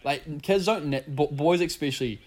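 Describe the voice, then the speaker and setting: A man's voice: a little high, moderate pace. A young New man hosting a podcast, chatting loosely and giggling as he goes. He swears freely and reads online comments aloud in a loose, joking way. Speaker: podcast host. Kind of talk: casual podcast chat.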